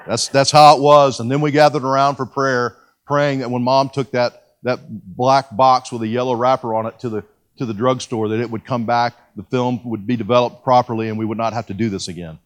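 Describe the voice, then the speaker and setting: A man's voice: mid-range voice, fairly even intonation, brisk. A man in his fifties preaching a sermon and telling his personal testimony in a folksy, self-deprecating way, with frequent restarts. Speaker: pastor.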